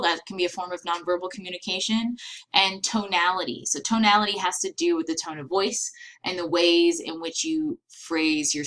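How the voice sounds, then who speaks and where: A woman's voice: on the low side, a bit bright, poor audio. A woman giving a recorded lecture, explaining step by step with many fillers and frequent "right?" checks.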